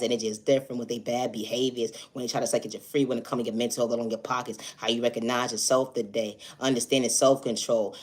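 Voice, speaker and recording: A man speaking to camera as a self-made video creator, giving an earnest, insistent motivational monologue. He keeps circling back to the same set phrases. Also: medium pitch.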